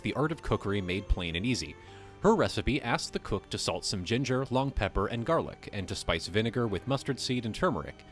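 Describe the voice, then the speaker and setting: A man hosting a live stream, reading a text aloud and breaking off into joking, casually profane asides to his chat. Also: on the low side. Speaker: livestream host.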